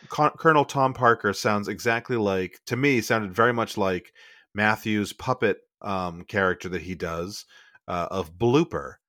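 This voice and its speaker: A man's voice: lowish voice, a bit bright, no echo, studio quality. A man co-hosting a podcast who rambles and corrects himself as he chats casually. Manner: rambling, self-correcting, quick laughs. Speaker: podcast co-host. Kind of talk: casual chat.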